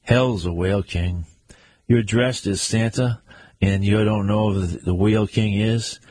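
A man voicing a tired, gruff police officer, exasperated. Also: lowish voice, steady tone, a little slow, a little mellow, no echo. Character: weary grumpy police officer just off shift.

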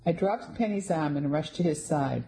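Woman reading an audiobook, low voice, mellow, steady first-person narration. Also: normal speed, gravelly, a little hiss or hum, poor audio.

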